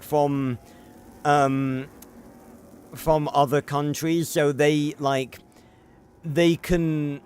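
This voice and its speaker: A man's voice: a little high, clean tone. Chatty young British man. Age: young adult. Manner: rambling, self-correcting, chatty. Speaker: game streamer. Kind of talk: casual livestream chat.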